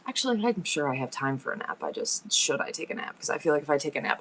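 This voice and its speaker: A woman's voice: deep voice, sing-song, fast talker, hardly any pauses, a bit bright, a little hiss or hum. A young woman chatting casually and rambling on a livestream from her home. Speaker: live seller.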